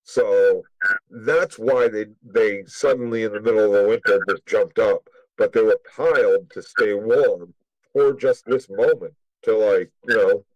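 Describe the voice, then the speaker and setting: A man's voice: fairly low pitch, darkish tone, dry recording, rough recording. A man co-hosting a casual recap chat, rambling and blunt, with heavy swearing. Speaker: podcast co-host.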